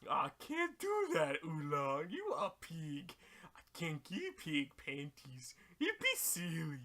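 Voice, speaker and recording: A man's voice: fairly high pitch, wildly swooping pitch, slow pace, exaggerated voice. A man voicing a lazy, unhelpful male wish-granting dragon, dopey and whiny, on a game stream. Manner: dopey, whiny refusals, loud.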